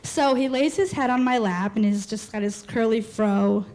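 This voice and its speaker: A woman in her twenties performing a live comic storytelling set, animated and quick, often laughing through her lines. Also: on the high side. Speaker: comedic storyteller.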